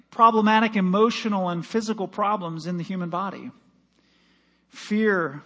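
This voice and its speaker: High-voiced preacher with sweeping emphasis. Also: male voice. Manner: preaching with rising emphasis and dramatic drops to a hush; reads scripture aloud with acted voices. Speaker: pastor. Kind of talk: sermon.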